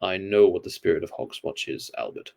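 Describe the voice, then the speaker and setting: A man voicing the grave, literal-minded figure of Death in a read-aloud storybook, with a slow, solemn, flat delivery. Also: low voice, vocal fry, full character voice.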